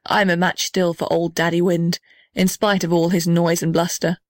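A woman's voice: fairly low pitch, flat delivery, moderate pace, no echo, clean studio sound, natural voice. A woman voicing a very old, kindly male tree with a hearty, reassuring manner.

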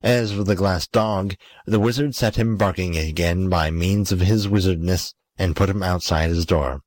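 A man narrating a classic story as an audiobook, calm and even. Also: low voice, moderate pace, no echo.

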